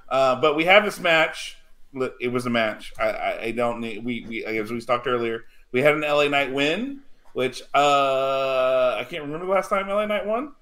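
A man hosting a casual wrestling podcast, halting with many ums as he puts questions to the panel. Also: mid-range voice, fairly bright tone. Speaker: podcast host. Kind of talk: casual chat.

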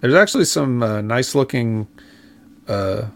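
A man's voice: medium pitch, lively intonation, a little slow, creaky. A man co-hosting a wrestling review podcast, recapping events in a laid-back way with fillers. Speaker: podcast co-host.

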